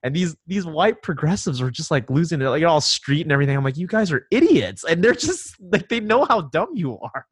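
Lively Bay man telling stories. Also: a little high, fairly quick, hardly any pauses, slightly rough, no room sound, clean studio sound. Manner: animated storyteller, repeats words. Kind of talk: casual chat.

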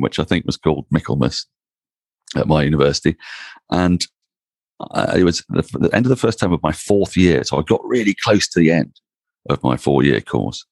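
A man, a cricket commentator, telling anecdotes as a podcast guest in an animated, self-mocking way. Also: low voice, gravelly, no room sound, studio quality. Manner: animated, self-mocking raconteur with frequent restarts. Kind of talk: anecdotal interview storytelling.

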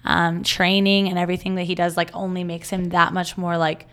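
A woman's voice: fairly low pitch, level tone, a little fast, fairly bright tone, clean tone. Woman, podcast guest, casual chat, chatty, filler-heavy.

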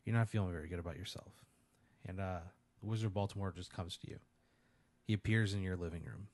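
Guy spinning a goofy hypothetical, deadpan, lots of "like", lowish voice. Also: fast, dry recording. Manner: rambling, deadpan, lots of fillers and "like". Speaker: podcast host. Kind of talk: casual comedic storytelling.

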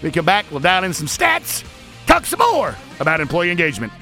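A man hosting a radio talk show, talking about work with fired-up energy, playful asides and bursts of shouting into the studio microphone. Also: a little high, huge pitch swings, a little fast, faint music behind.

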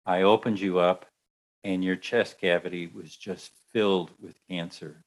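Man voicing a hushed, halting, apologetic surgeon; low. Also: fairly even intonation. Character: apologetic male surgeon delivering bad news.

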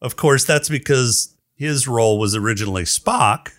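A man in casual podcast banter, deliberate and opinionated as he argues his points. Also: mid-range voice, fairly bright tone, dry recording, clean studio sound.

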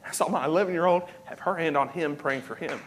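Male associate pastor in his thirties, high-voiced, folksy and self-deprecating, rising to fervent preaching. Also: fast, slight background noise. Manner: conversational, self-deprecating storytelling building to emphatic preaching. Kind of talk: sermon. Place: church sanctuary.

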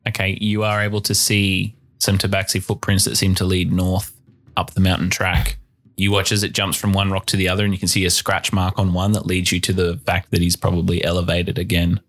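Deep flat-voiced game master. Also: male voice, brisk. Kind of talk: narrating a tabletop game.

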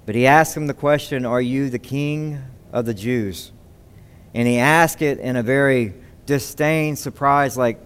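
A man's voice: mid-range voice, a little slow, fairly bright tone, clean tone. A man preaching a sermon, reading scripture and asking the congregation rhetorical questions. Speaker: pastor.

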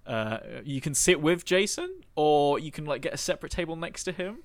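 Laid-back game master. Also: male voice, on the high side, expressive, brisk, dry recording. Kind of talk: running a tabletop game.

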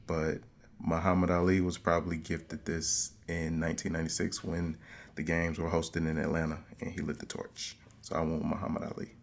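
A man with a very low, gravelly voice explains his trivia answers in a casual, thoughtful way. Each guess gets a bit of reasoning before he settles on it. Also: monotone, fairly quick. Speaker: trivia contestant. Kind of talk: casual chat.

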